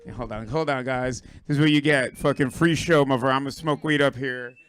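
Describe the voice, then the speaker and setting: A hoarse Puerto Rican-born man doing a rambling, profane stand-up set on a club stage, riffing with the crowd. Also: medium pitch, steady tone, brisk, fairly bright tone. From Puerto Rico. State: hoarse, lost his voice. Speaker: stand-up comedian.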